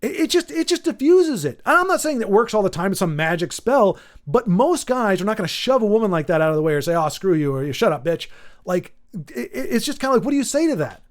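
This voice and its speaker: A man with a high-pitched voice hosts his own channel and rants off the top of his head. He rambles, restarts his sentences and fills the gaps with ums. He sounds casual and unscripted. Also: very animated, fast talker. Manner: rambling, full of restarts and fillers. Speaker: channel host. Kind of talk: off-the-cuff commentary rant.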